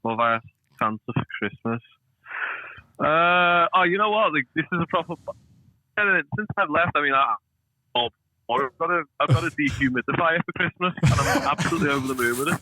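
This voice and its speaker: A man with a Scouse accent, a podcast guest joining over a call, halting and cheeky. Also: a little high, lively intonation, pushed and bright, poor audio. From Liverpool, England. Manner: halting, cheeky, restarts often.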